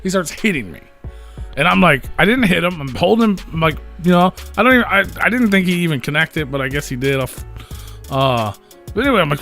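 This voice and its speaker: A man's voice: sits high, lively intonation, fast, soft background music. Rambling, profane man. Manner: rambling, profane, acts out quotes loudly. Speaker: podcast host. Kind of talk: casual storytelling.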